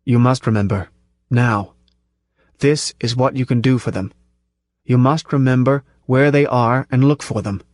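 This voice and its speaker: A man voicing a grizzled older man who speaks softly but firmly. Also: medium pitch, a little slow, lightly acted. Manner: soft-spoken, firm commands. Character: grizzled old man, calm and firm.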